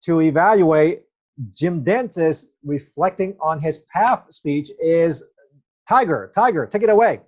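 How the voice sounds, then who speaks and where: A man hosting an online club meeting, introducing speakers in a brisk, businesslike way over dull, lo-fi video call audio. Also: on the high side, animated, darkish tone. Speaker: meeting host (toastmaster).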